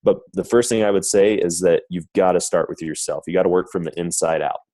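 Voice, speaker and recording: Man, very low voice, dry sound, upbeat rambling sales manager on a conference call. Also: brisk, dark tone, no room sound, low-quality recording. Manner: upbeat, rambling, says guys and right often. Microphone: phone line.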